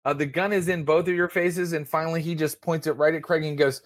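A man's voice: fairly high pitch, steady tone, brisk, hardly any pauses, no room sound, clean studio sound. Man game master, rambling narration. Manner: rambling, filler-heavy narration.

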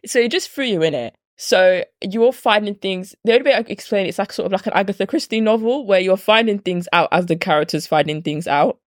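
Chatty woman with lively voice. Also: medium pitch, fast talker, few pauses, dry recording, clean studio sound. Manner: animated, acts out her own reactions in quotes. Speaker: podcast co-host. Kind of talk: casual film discussion.

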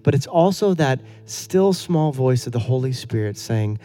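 A man's voice: medium pitch, expressive, a little slow, few pauses, warm tone. A middle-aged male pastor delivering an earnest, conversational sermon full of rhetorical questions.

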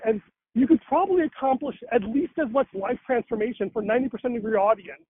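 Rambling man in casual conversation, high voice, tinny phone-line sound. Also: fast talker, slight background noise. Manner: rambling, many fillers and restarts.

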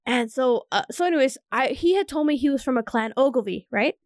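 A young woman co-hosting a casual chat, tipsy from shots, telling a long story with animated laughter and frank swearing. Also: high-pitched, brisk, no room sound, studio quality.

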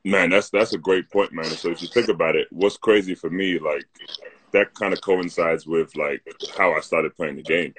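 Telling stories as a co-host on a relaxed live video stream, this North London man in his thirties leans on "like" and "you know." He speaks through a phone mic in a low, slightly rough, somewhat bright voice with fairly even intonation and a moderate pace.

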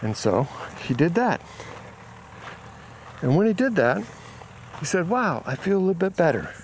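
A man casually recounting a conversation with someone he helped, in a relaxed storytelling way, speaking outdoors on a rural property. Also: a little high, normal speed, slight background noise. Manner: relaxed, retells conversations with quoted dialogue. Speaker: healing coach.

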